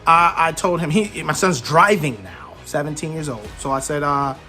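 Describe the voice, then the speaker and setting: Forties guy giving a pep talk on parenting, high bright voice, real emphatic. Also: normal speed, faint music behind. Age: 40s. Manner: emphatic, animated storytelling. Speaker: parenting speaker. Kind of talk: motivational talk.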